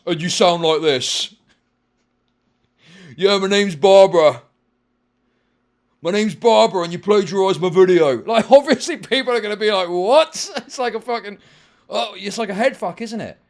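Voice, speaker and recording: A man doing a live-stream reaction, loud and mocking, swearing often and mimicking people. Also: high voice.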